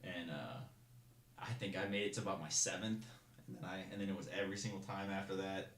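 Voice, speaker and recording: A young man casually telling stories in a rambling way, restarting sentences and acting out shouted lines. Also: sits low, fairly even intonation, a little fast, roomy sound, slight background noise. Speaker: guest. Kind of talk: casual storytelling.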